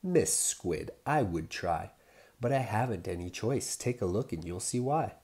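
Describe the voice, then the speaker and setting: A dad doing a glum pout fish. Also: male voice, lowish voice, expressive, measured pace, a little mellow. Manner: mopey, half-whispered sing-song. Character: glum male pout fish, gloomy and resigned.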